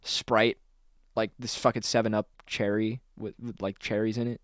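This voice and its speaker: A man's voice: lowish voice, flat delivery, moderate pace, fairly bright tone, no echo, clean studio sound. A young adult man telling a rambling, profane story in casual podcast chat, full of fillers and restarts. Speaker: podcast co-host.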